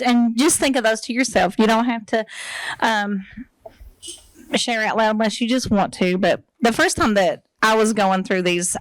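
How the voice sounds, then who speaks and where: A woman's voice: medium pitch, clear, resonant tone, no room sound, low-quality recording. A woman presenting a live workshop to teachers, talking casually with many fillers and restarts. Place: training room with an audience. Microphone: microphone.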